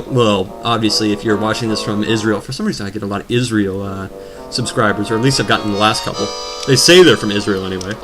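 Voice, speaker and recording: A man rambling and joking as he commentates his own gameplay, drifting from topic to topic. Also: mid-range voice. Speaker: let's play commentator. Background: video game music.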